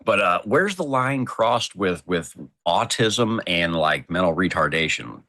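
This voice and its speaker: A man's voice: low-pitched, very animated, a little slow, sharp tone. A man hosting a casual livestream, rambling playfully and restarting his sentences often. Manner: rambling, self-interrupting, playful. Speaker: livestream host.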